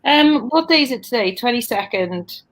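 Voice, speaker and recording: A woman's voice: a little high, animated, normal speed, a bit bright, poor audio. A Welsh woman from Wales hosting a casual livestream chat on a video call, rambling with lots of fillers. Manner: chatty, rambling, frequent fillers. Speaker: livestream host.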